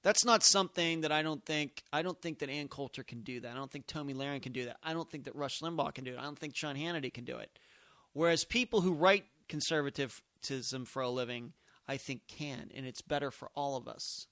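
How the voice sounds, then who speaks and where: A man's voice: mid-range voice, fairly quick, sharp tone, no room sound. A man hosting a solo podcast, thinking aloud in emphatic, musing commentary. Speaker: podcast host.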